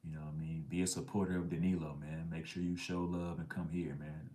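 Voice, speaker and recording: A middle-aged man with a very low voice hosts a casual livestream. He reads out chat messages in a laid-back, slangy way and now and then drops to a whisper for an aside. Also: flat delivery, fairly quick, dark tone. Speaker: livestream host reading chat.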